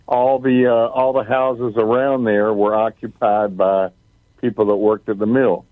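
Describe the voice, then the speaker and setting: A man's voice: lowish voice, fairly even intonation, measured pace, dry recording. Male caller, phone-line sound. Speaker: radio caller. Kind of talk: phone call to radio.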